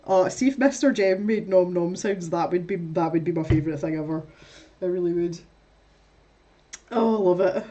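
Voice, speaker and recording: A woman's voice: mid-range voice, normal speed, dark tone. A woman chatting casually while crafting on a livestream, telling stories, reading out chat comments and laughing often.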